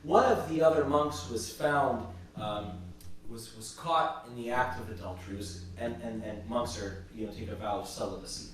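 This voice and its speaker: A man's voice: mid-range voice, far from the mic, a little hiss or hum. Man telling stories in an echoey church. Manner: halting, repeats words while retelling stories. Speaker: church teacher. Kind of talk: storytelling religious class talk.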